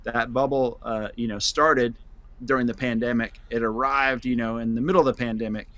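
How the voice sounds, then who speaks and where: Bright-voiced man rambling about vans. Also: mid-range voice, steady tone, fairly quick, dry recording. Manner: loose and rambling, many fillers and restarts. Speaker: van company founder, guest. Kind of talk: casual podcast interview.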